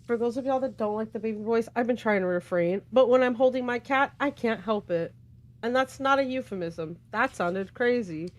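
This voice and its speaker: A woman with a slightly high voice co-hosts a livestream. Her talk is easygoing and chatty, and she laughs often between remarks. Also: normal speed. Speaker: livestream co-host. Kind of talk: casual livestream chat.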